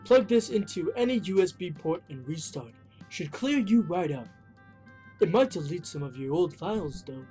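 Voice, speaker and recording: A gamer voicing a calm, thoughtful young male bear friend in a video game, reading the lines slowly and flatly. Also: medium pitch, soft background music, natural voice. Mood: calm, matter-of-fact. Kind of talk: reading game dialogue aloud.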